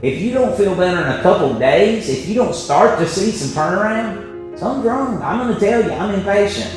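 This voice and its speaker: A man's voice: high-pitched, lively intonation, a little fast. A man presenting a health webinar, telling stories emphatically and tagging his points with "right?". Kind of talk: motivational health talk. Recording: very echoey room, faint music.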